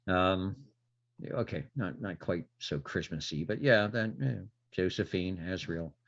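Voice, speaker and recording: A man's voice: low-pitched, unhurried. A man playing a tabletop game, playful and humming to himself as he talks. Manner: playful, hums and sings to himself. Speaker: player. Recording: dull lo-fi stream audio.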